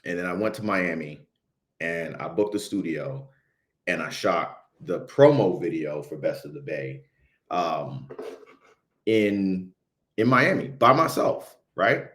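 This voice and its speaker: A man's voice: low-pitched, expressive, slow pace, fairly bright tone. A young man with a Haitian accent tells a story on a livestream, talking emphatically in slang and often checking in with "right?". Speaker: videographer telling a story on a livestream. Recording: roomy echo.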